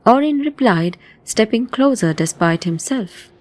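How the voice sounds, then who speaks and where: A woman narrating a supernatural audio thriller in a measured, descriptive way. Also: on the high side, lively intonation, darkish tone, no room sound. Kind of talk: scripted audio drama narration.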